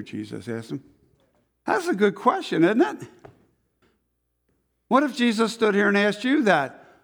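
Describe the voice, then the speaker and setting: A man's voice: high-pitched, wildly swooping pitch, unhurried, vocal fry, long pauses. A man pastor reading a Bible passage aloud and acting out the characters' lines as he goes. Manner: dramatizes the story, putting on voices for the crowd. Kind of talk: animated scripture reading with acted voices.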